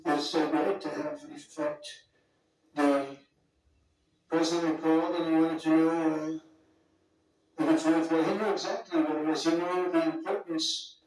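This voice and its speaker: A man's voice: fairly high pitch, little pitch movement, moderate pace, long pauses, darkish tone. A man giving a rambling, off-the-cuff speech as a political leader at a summit, full of digressions and superlatives. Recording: very echoey hall, distant mic, faint music.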